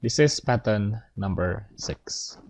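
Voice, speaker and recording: A man's voice: fairly low pitch, slow pace, creaky, darkish tone, a little hiss or hum, rough recording. A man teaching an English grammar lesson, explaining step by step and checking in with his students.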